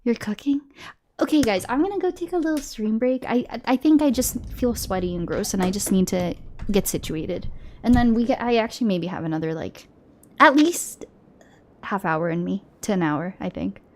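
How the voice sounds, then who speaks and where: Excitable young woman game streamer. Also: medium pitch, normal speed, slight background noise. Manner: chatty, excitable, self-deprecating. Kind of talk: casual live-stream chat. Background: game music.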